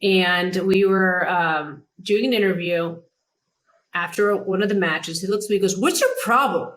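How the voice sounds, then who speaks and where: A middle-aged woman hosting a podcast and telling career stories in a relaxed, animated way. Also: measured pace. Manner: animated, mimics others in a higher pitch. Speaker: podcast host. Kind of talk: casual storytelling chat.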